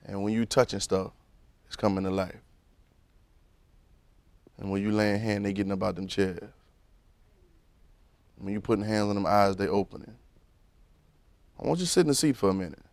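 A man preaching a sermon, moving from low musing to loud fervent preaching and calling out to the congregation. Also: normal speed, long pauses, no echo. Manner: calls out to the congregation.

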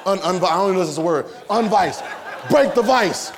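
A male preacher with a voice pitched high for a man delivers a fervent sermon. He talks straight to the congregation in plain colloquial speech and repeats his phrases. He swings between loud shouted lines and quiet, hushed asides. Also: animated, fast talker, some chatter behind.

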